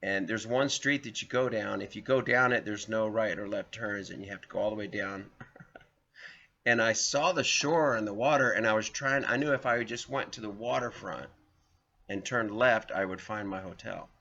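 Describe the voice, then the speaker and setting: A man in his fifties reads an article aloud and keeps wandering into rambling anecdotes, chuckling as he goes. His voice sits a little low but has a bright, forceful edge. The recording is dull and lo-fi. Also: moderate pace, creaky. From Southern United States. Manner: chuckles often, rambling storyteller. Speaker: video host. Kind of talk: reading an article aloud with personal digressions.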